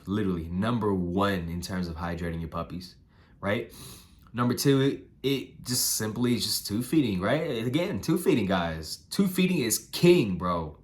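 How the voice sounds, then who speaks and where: A young man with a hoarse, nasal voice giving casual advice on raising puppies, repeating himself and tagging lines with "right?" and "man". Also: fairly low pitch, animated, normal speed. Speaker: dog breeder giving advice. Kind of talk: casual instructional vlog.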